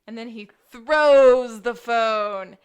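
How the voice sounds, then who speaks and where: Higher-voiced giggly woman podcast co-host. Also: smooth. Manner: giggly, animated, quick reactions. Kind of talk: casual chat recapping a TV episode.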